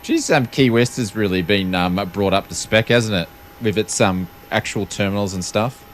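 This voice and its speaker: A man's voice: fairly low pitch, normal speed, background noise. An Australian man hosting a flight sim stream, chatting casually with lots of ums and frequent laughs. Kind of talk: casual live-stream chat.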